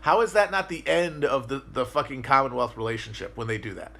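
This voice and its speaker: A man with a bright, forceful voice holds forth on a casual livestream as he answers viewer comments. He rambles and swears freely, restarting sentences and thinking aloud as he goes. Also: medium pitch, brisk, vocal fry. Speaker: podcast host.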